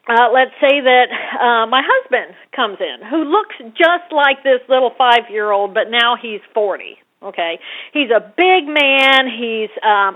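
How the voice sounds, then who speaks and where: A woman with a fairly high, bright voice comes through a tinny, phone-like line. She explains ideas conversationally as an interview guest and turns animated when she acts out small scenes, her voice climbing as she does. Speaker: guest brain scientist.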